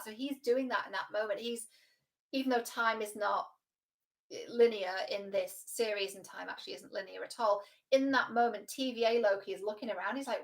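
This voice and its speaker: A woman relationship coach giving casual reaction commentary, frank and animated, swearing freely. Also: medium pitch, brisk.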